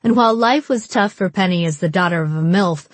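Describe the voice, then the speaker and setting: A woman narrating an audiobook in an even, wry storytelling manner. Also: lowish voice, fairly quick, no room sound. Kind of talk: scripted narration.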